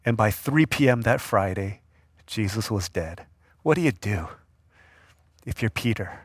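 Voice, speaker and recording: A man's voice: fairly low pitch, a little slow, slightly rough, no echo, studio quality. A man preaching a casual sermon, telling the story with slang and acting out the people in it. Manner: animated storyteller acting out voices. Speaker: youth pastor.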